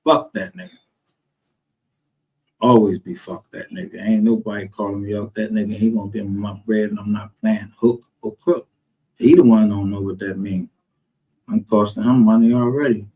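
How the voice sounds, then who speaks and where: A man's voice: on the low side, normal speed, rough recording. A man with a Texas accent telling stories in casual chat, full of street slang and profanity, acting out what others said. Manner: animated storytelling, profane street slang, acts out quotes.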